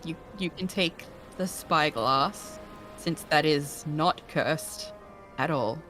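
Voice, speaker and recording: A woman's voice: sits low, takes it slowly, fairly bright tone, faint music behind, poor audio. A woman playing in a tabletop game session, talking in a dry, understated way. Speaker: player. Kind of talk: casual tabletop game chat.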